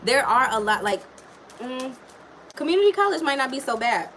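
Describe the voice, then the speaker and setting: A woman's voice: sits high, sing-song, moderate pace, fairly bright tone, slight background noise. A woman giving a casual live tarot reading, talking frankly and chattily to a viewer, with plenty of swearing. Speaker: tarot reader.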